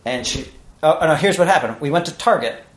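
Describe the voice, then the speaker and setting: A man with a slightly high voice tells a story in casual chat. He swears freely and keeps it lively. The voice has a roomy echo around it. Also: fairly quick. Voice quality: profane, animated storyteller who acts out voices. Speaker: podcast co-host.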